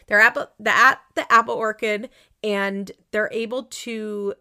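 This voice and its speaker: Chatty opinionated woman with a gravelly edge. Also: mid-range voice, fairly even intonation, a little slow, pushed and bright. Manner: rambling, chatty, lots of "like" fillers; indignant, opinionated. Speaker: reality TV recap podcaster. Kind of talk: casual recap commentary.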